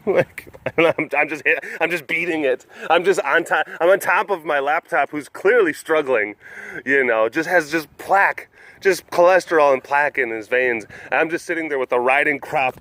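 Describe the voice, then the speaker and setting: His voice is a little high, bright, and forceful, at a normal speed. Hosting his own vlog, the man rambles casually to camera, interrupting himself often and laughing readily.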